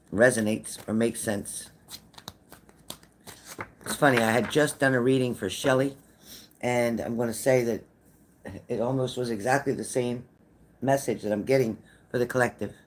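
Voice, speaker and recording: A woman's voice: very deep voice, slight background noise. An older woman, a psychic medium, chatting casually with viewers on a live stream, greeting them by name and repeating herself.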